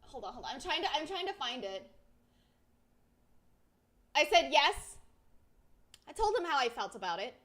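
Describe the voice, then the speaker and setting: A woman streaming live, her voice pitched high and sounding sharp and bright. She chats casually and tells a rambling, animated story, swearing freely as she goes. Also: normal speed, long pauses. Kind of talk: casual livestream chat.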